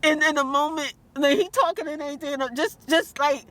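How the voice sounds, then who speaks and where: A high-voiced woman talks straight to her viewers in an upset, rambling vlog. She circles back over the same points and breaks into bursts of disbelief. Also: fairly quick, fairly bright tone. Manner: upset, rambling, repeats herself; outbursts of disbelief. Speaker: vlogger. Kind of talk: emotional vlog rant.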